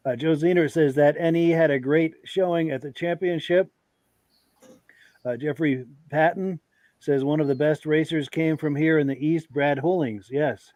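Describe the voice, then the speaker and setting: A man's voice: on the high side, a little slow, dark tone, no room sound. Upbeat male host on a dry mic. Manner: upbeat and agreeable. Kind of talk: casual chat, reading viewer comments.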